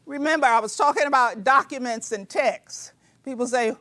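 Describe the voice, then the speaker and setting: An older woman giving a lecture in a preacherly, emphatic manner, with colloquial asides and bursts of shouting. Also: on the high side, moderate pace, dry recording. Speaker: speaker.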